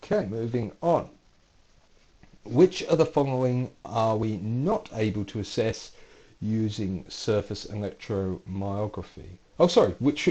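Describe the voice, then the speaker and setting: A man's voice: fairly low pitch, a little slow, mellow. A man, a university lecturer, reading out multiple-choice quiz questions with playful dry asides.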